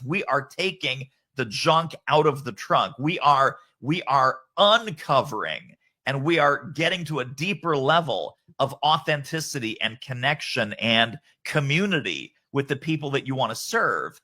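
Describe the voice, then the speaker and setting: A man's voice: medium pitch, pushed and bright. A man as a podcast guest author, speaking emphatically and rattling off lists of points. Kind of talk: podcast interview.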